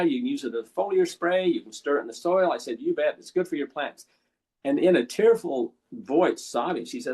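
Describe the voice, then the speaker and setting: An older man with a husky voice telling folksy stories as a podcast guest, acting out the lines of people he talked with. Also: fairly high pitch. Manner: folksy anecdotal storyteller, acts out callers' lines. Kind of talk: storytelling in a podcast interview.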